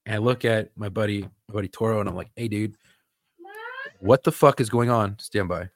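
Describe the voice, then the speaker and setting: A man's voice: lowish voice, brisk, no room sound, studio quality. A young man, a police officer and podcast co-host, telling a story in casual chat with lots of swearing and acted-out quotes. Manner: profane, animated retelling with quoted voices.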